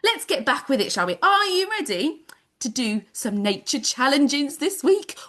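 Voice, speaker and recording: A woman's voice: high voice, fairly bright tone. A woman, teaching an online nature class for children over a video call in a bubbly, sing-song manner. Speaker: home education teacher.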